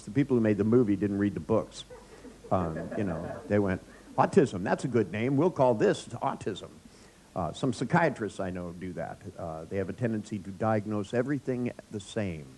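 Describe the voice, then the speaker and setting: A man's voice: lowish voice, darkish tone, slight background noise, poor audio. Wry man teaching a workshop. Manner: wry, joking storyteller addressing a live audience. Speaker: workshop trainer. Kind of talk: live workshop lecture with anecdotes. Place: workshop room with an audience.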